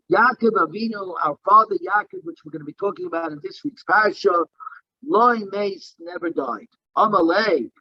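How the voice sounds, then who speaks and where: A man leads a daily Talmud class, reading the Aramaic text in a singsong and then translating and explaining it in English. His voice sits high, and the recording has no echo, with the highs cut off.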